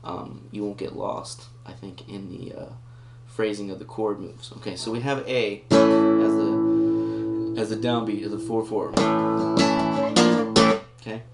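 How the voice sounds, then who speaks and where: A man's voice: fairly low pitch, flat delivery, a little slow. A man giving a casual guitar lesson, explaining rhythm and counting beats aloud as he thinks it through. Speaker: guitar teacher. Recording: roomy sound with loud guitar playing. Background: his own guitar playing.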